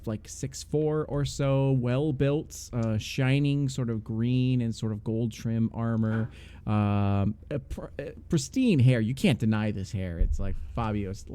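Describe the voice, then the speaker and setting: A man's voice: mid-range voice, mellow. A young man narrating as game master, hesitant and full of fillers.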